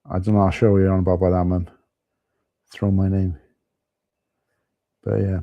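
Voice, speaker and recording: A man's voice: deep voice, flat delivery, very fast, creaky, no echo, dull audio. A man with a Welsh accent, chatting casually with viewers as host of a live stream, calling them mate.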